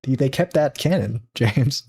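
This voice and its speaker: A man's voice: mid-range voice, expressive, unhurried, darkish tone, slightly rough. A man co-hosting a casual podcast, rambling with frequent restarts and laughing at his own jokes. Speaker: podcast co-host. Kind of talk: casual chat.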